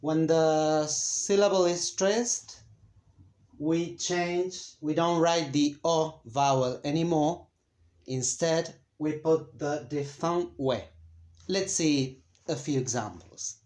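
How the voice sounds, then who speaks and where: Male teacher, very slow careful explaining, lots of ums, echoey room. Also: fairly high pitch, darkish tone. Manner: slow and deliberate with many fillers and pauses. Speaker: Spanish teacher. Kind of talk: slow, careful grammar lesson.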